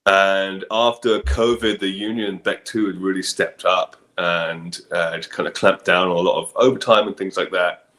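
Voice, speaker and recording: Middle-aged male director, very low voice, relaxed and reflective. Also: normal speed. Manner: relaxed, thoughtful, many ums and you-knows. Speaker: film director guest. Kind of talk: casual interview chat.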